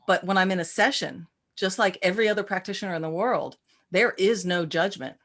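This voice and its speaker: A woman practitioner and teacher in a casual interview, telling animated stories and acting out quoted voices with many restarts. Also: medium pitch, a little fast.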